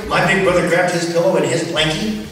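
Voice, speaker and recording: A man, a children's author, telling a story at a school assembly in an animated, dramatic way and acting out the scenes. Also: a little high, fairly quick. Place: large school assembly hall. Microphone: distant from the microphone. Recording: echoey hall recorded from far off, loud noise. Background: loud crowd of children.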